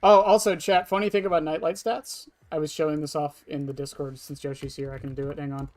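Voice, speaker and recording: In a steady, mid-range, darkish voice that moves fairly quickly, a streamer talks offhandedly through an online horror game match and replies to chat, blunt and freely profane, in casual live-stream commentary.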